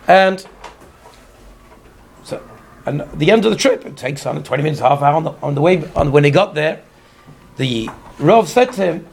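A man giving a weekly Torah portion sermon, speaking in a measured teaching way and weaving Hebrew terms into his English. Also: on the high side, gravelly, a little mellow. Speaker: rabbi giving a Torah talk.

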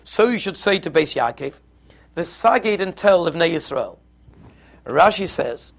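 A man with a somewhat high, gravelly voice teaches a Torah lesson. He talks in a relaxed, conversational way and walks through stories and texts step by step. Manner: conversational storytelling, explains step by step.

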